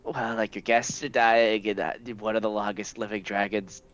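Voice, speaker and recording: A man's voice: on the low side, flat delivery, normal speed, fairly bright tone, muffled recording. A man playing a tabletop game, speaking in a hesitant, sheepish way. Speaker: player.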